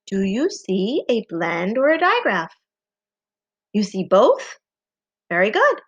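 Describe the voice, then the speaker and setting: A woman's voice: mid-range voice, huge pitch swings, slow pace. A woman teaching a phonics lesson, patient and encouraging, spelling out letters one by one. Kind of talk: slow, clearly paced phonics lesson. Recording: slightly dull lo-fi home recording.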